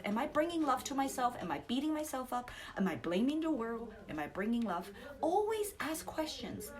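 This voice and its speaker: Lively, high-voiced woman coaching. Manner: animated, laughing, acts out quoted outbursts. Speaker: psychic coach. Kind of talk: casual spiritual talk.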